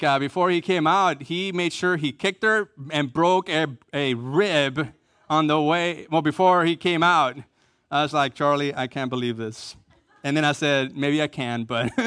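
A pastor giving a relaxed, joking sermon in a church sanctuary. His voice is fairly high for a man and crisp, and it sounds close and dry on the microphone. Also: no echo. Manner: informal and joking, with fillers.

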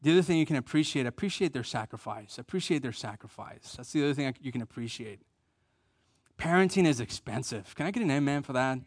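A middle-aged man preaching a conversational sermon, repeating key phrases for emphasis and joking at his own expense, going soft and low for tender points. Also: quick pace, no room sound, clean studio sound. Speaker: pastor.

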